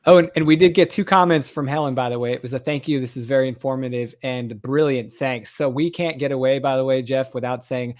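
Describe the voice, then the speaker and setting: A man's voice: medium pitch, steady tone, a little fast, hardly any pauses. A man co-hosting a casual video talk show, joking and teasing his guest. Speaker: co-host. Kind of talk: casual chat.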